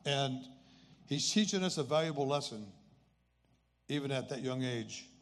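A man's voice: mid-range voice, expressive, moderate pace. A man in his eighties telling a personal story as a faith testimony in an earnest, conversational way. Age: 80s. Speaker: speaker sharing a personal testimony.

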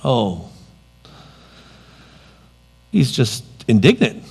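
A man preaching a sermon, expressive, moving between loud emphasis and quiet, dropped asides. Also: sits high, a little slow, soft background music.

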